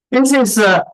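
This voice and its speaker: A man's voice: high voice, fairly bright tone, low-quality recording. A man hosting an unscripted commentary, candid and blunt, rambling off on tangents as he talks. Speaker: channel host.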